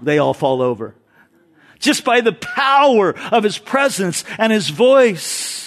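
Pastor guy preaching, fairly high voice, tells the stories casual and lively. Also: slow. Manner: animated storytelling, paraphrases Bible figures casually. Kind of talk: expository sermon.

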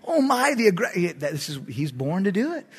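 A middle-aged man, a pastor preaching a sermon in an animated, emphatic way, with sudden loud bursts. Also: high-pitched, normal speed, breathy edge.

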